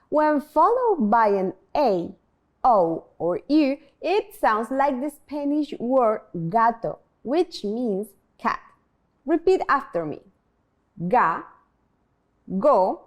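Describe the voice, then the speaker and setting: A woman teaching a beginner language lesson, slowly modeling sounds and asking learners to repeat after her. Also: on the high side. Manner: slow, clear modeling of pronunciation, prompting repetition.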